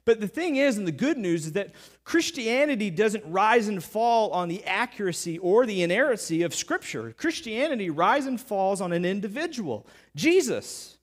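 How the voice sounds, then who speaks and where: A man's voice: high voice, big pitch swings, normal speed. A man, a pastor, preaching a sermon in a conversational storytelling manner with playful sarcasm.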